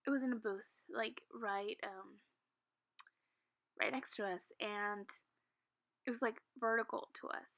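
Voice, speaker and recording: A young woman chatting casually to her viewers and telling stories, giggly and full of "like" and "um", often sinking to a soft murmur. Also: fairly high pitch, steady tone, unhurried, gravelly, long pauses. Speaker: Sims content creator. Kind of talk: casual storytime chat.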